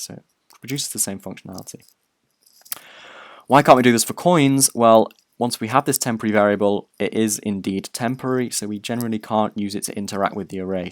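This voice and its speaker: Low-voiced man explaining code. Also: no echo, clean studio sound. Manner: explanatory, conversational, many fillers and restarts. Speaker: programming lecturer. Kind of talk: recorded coding lecture.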